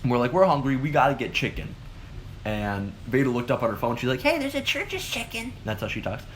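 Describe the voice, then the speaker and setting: A man's voice: medium pitch, fast talker, a little hiss or hum. A man co-hosting a casual chat and telling stories animatedly, with lots of "like" as a filler. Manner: animated storytelling, heavy use of "like". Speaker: co-host.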